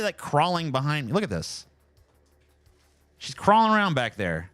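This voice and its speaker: A man's voice: a little high, moderate pace, pauses often, no room sound, soft background music. A man streaming live from home, chatting casually and ranting with lots of swearing. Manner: animated, profane, ranting.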